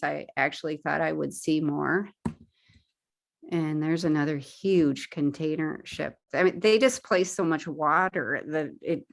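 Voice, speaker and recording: Low-voiced woman giving a casual slideshow talk. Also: creaky. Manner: chatty, with frequent fillers and restarts while pointing at pictures. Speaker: guest speaker at a paddling club.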